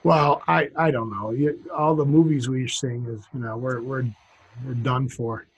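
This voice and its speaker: A man's voice: medium pitch, fairly even intonation, unhurried, dull audio, slight background noise. A man co-hosting a podcast in casual chat, joking and rambling with lots of restarts. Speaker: podcast co-host.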